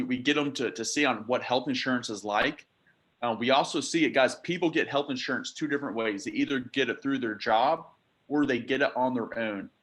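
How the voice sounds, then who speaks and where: A man's voice: mid-range voice, fairly bright tone. Casual man coaching a sales team. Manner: casual, filler-heavy, emphatic coaching. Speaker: sales trainer. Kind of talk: recorded training call.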